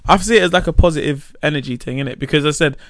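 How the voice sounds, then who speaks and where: A man, a comedian guest on a casual podcast, telling animated stories and acting out other people's voices. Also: on the high side, rapid-fire.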